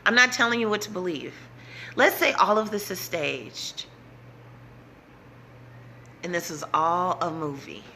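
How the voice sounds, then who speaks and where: A woman's voice: on the low side, animated, a little slow, long pauses, pushed and bright, slight background noise. A woman vlogger talking straight to her audience in an impassioned, urgent way, repeating herself to drive points home. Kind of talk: impassioned direct-to-camera talk.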